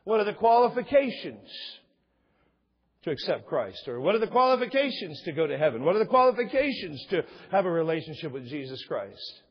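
A man's voice: big pitch swings, fairly quick, breathy edge. A middle-aged man preaching a sermon as pastor, talking conversationally and acting out little dialogues. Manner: conversational, acts out dialogues with rising pitch. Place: church sanctuary. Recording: dull sound with long hall reverb.

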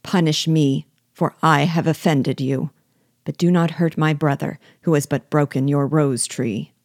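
A woman reading the lines of a tall, proud man who speaks with slow, calm dignity. The voice is low and mellow, recorded close and dry. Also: dry recording.

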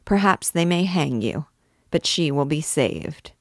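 A woman's voice: lively intonation, dry recording, clean studio sound, heavily acted. A woman reading aloud and voicing a brooding, stern male archdeacon, grave and commanding. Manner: grave, commanding, low and measured, erupting in anger. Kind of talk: audiobook character reading.

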